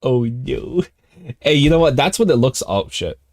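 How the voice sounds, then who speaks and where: A male streamer reading a text game aloud and reacting live, jumping between calm narration and excited outbursts. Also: medium pitch, normal speed, no echo, studio quality.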